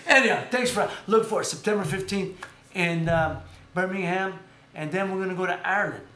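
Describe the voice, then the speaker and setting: A man with a high, brisk voice hosts a casual live stream, chatting about boxing. His animated stories ramble, and he often stops to correct himself. The echoey room has faint background noise.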